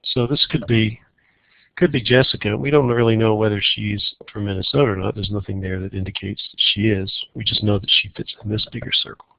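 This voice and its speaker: A man teaching a recorded math lesson on logic problems, walking through each problem in a relaxed way and thinking aloud. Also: on the low side, brisk, creaky, muffled recording, slight background noise.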